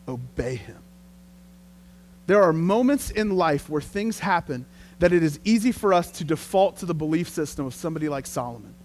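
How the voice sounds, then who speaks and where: A man preaching a sermon as pastor, telling the story in a lively, conversational way. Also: high voice, a little hiss or hum.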